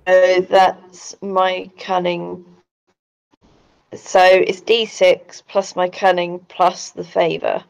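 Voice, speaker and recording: Woman player, unsure, fry in the voice, muffled call sound. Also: on the low side, level tone, slow. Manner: hesitant, unsure. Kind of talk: casual game chat.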